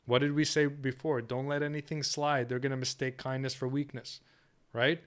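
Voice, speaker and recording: A man leads a workshop lesson with a smooth, clear voice at a middling pitch. He speaks firmly and assertively and keeps checking in with "okay?" and "right?" as he goes. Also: little pitch movement, moderate pace, a bit bright. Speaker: dating coach.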